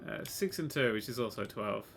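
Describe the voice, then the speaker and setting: A man giving casual let's-play commentary, excitable and sweary, swinging from quiet mutters to loud exclamations. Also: mid-range voice, a little fast, creaky, slight background noise. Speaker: gaming YouTuber.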